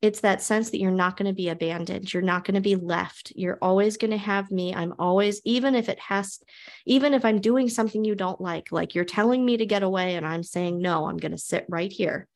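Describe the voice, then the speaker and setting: A woman hosting a podcast interview, speaking in a calm, reflective way and repeating phrases for emphasis. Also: medium pitch, fairly quick. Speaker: podcast host.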